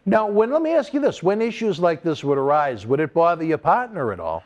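Interviewer guy, high voice that jumps around, short questions. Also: very animated, brisk, highs cut off. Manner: brief prompting questions.

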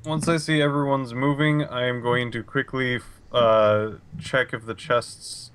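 A man in a tabletop role-playing session, calmly laying out his character's actions. His voice is clear and resonant, pitched in the middle. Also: measured pace. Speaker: player.

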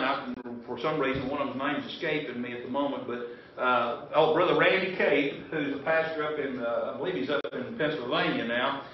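A man preaches in a folksy, rambling way, circling back and restarting his sentences. His voice sits a little high. The recording is distant and roomy, with a dull, muffled sound. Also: a little hiss or hum. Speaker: pastor. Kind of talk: sermon. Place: church sanctuary.

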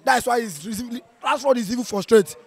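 A Nigerian man with a strained voice from shouting, reacting to a football match in an animated, playful way, slipping into Pidgin. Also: very high voice, fast talker, breathy edge. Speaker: football fan. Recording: outdoor viewing center.

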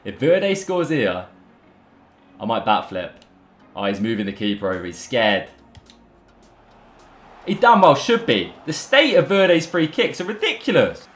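An excitable young man bantering his way through live football game commentary. His voice sits in a roomy, echoing space with faint music playing underneath. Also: mid-range voice, moderate pace. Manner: excitable, banter-filled, addresses viewers as lads and boys. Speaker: gaming YouTuber.

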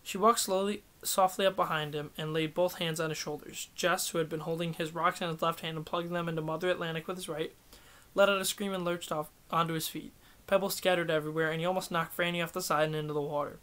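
A man reads a novel aloud in a steady, unhurried way, correcting himself now and then. His voice is a little higher than most men's. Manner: steady, self-correcting reading. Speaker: audiobook reader. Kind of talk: novel reading.

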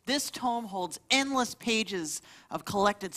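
A woman's voice: medium pitch, lively intonation, measured pace, fairly bright tone. Playful woman running a tabletop game. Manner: playful and laughing. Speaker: game master.

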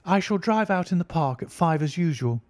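A man's voice: sits high, expressive, moderate pace, a little mellow, no echo, pitched above the performer's own voice. A man voicing a young woman who calls out orders in a hurry in a storybook reading. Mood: composed. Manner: crying out commands.

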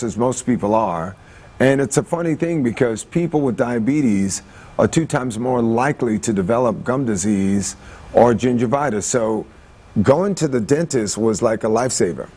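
A middle-aged man talking as a guest in a morning TV interview, relaxed and upbeat, with fillers. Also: mid-range voice. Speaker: celebrity guest.

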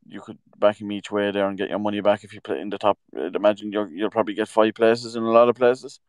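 A man co-hosting a casual horse racing preview, giving his picks in a relaxed, opinionated way. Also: lowish voice, fast talker, clear, resonant tone, no echo. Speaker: racing tipster co-host.

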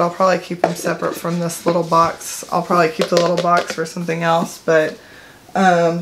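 A middle-aged woman talks through her makeup collection in a loose, rambling way. She fills the gaps with "um" and corrects herself as she goes. There is a faint hiss behind her voice. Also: lowish voice. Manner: chatty, rambling, with fillers and self-corrections. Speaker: beauty vlogger. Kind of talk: casual product talk to camera.

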